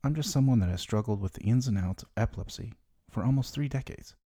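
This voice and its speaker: A man's voice: medium pitch, fast talker, mellow. A middle-aged man hosting a podcast, telling his own story in wry, candid scripted narration into a close mic. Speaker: podcast host.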